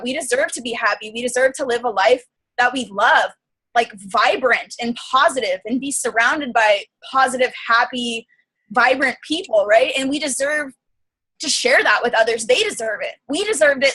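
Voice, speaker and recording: A woman's voice: high voice, pushed and bright, slightly rough, poor audio. A woman coach on a casual group call, talking in an emotional, gushing way with many fillers. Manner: reads listener comments aloud.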